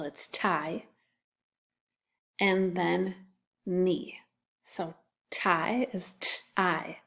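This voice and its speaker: A woman teacher giving a phonics lesson to young children, speaking patiently and spelling words out letter by letter. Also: medium pitch. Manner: slow, patient, drawn-out spelling.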